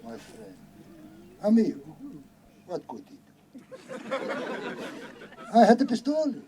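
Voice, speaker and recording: Man playing a boastful Mexican-style farmer yarn-spinner, high and lively, noisy live stage. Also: slow pace, creaky, a faint crowd, heavily acted. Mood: storytelling. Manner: mock Spanish-flavored broken English, tag "eh?" and "amigo". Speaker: reunion skit performer. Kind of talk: comic storytelling skit. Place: live reunion stage before audience. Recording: noisy live hall recording.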